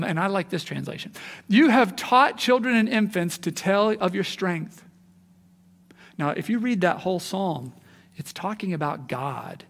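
A man preaching a sermon in an animated way, acting out the voices he quotes. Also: fairly high pitch, in a large hall. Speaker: pastor.

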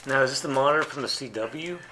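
A man's voice: mid-range voice, quick pace, pushed and bright, a little hiss or hum. A man playing at a tabletop game table who throws in playful asides, recorded from a distance with other people talking around him. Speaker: player. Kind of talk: casual chat at a game table.

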